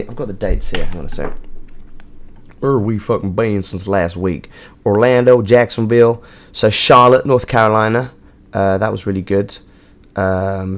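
Rambling, sweary Englishman, fairly low voice. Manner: rambling, sweary, jokey, with frequent fillers. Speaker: podcast host and touring musician. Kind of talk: casual monologue. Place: hotel room.

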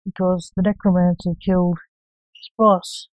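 A woman's voice: on the low side, little pitch movement, a little slow, no echo, lightly acted, low-quality recording. Woman voicing a matter-of-fact policeman. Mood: plain.

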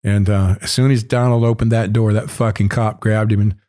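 A man guest in an interview, telling a rambling story full of swearing, now and then acting out other people's shouts. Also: fairly even intonation, brisk. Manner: acts out other people's shouting in sudden high bursts. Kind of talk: casual storytelling.

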